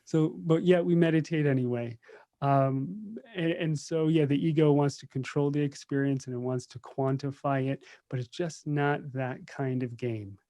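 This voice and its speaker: A man's voice: on the high side, steady tone, normal speed, warm tone. A man, a meditation teacher, telling stories in a casual interview, joking and laughing often. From United States. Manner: joking, laughs often, acts out quoted voices. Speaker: meditation teacher, podcast guest. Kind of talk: casual conversational storytelling.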